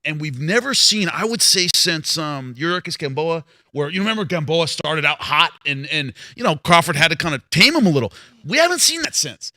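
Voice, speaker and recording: Bright-voiced man telling a story on a panel. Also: on the high side, expressive, a little fast, no echo, clean studio sound. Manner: storytelling, acts out quoted voices. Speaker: boxing show host. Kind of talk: animated panel chat.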